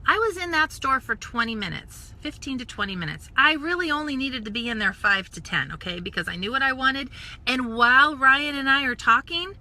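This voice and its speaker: A woman from the United States telling a story in a casual, animated live stream, acting out voices and dropping into whispered asides. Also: sits high, brisk. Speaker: network marketing coach. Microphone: phone or webcam live stream.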